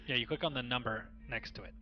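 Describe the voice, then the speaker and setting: A man narrating a tabletop game as game master, halting and full of restarts. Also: medium pitch, highs cut off.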